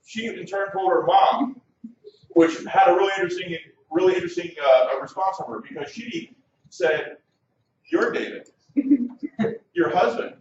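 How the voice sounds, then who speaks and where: A high, animated man in his forties doing a stand-up set, hesitating and restarting as he tells stories. He is heard from far back in a very echoey club. The sound is muffled, with faint noise behind him. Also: moderate pace. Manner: storytelling with nervous hesitations, leads crowd chants. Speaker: comedian. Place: comedy club stage.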